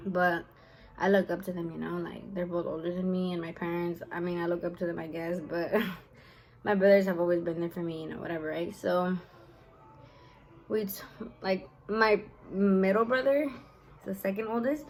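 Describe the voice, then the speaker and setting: A woman's voice: fairly low pitch, steady tone, normal speed, a little mellow, poor audio. A young woman telling a personal story in a casual vlog, tired-sounding and full of fillers and swearing. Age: young adult. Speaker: vlogger.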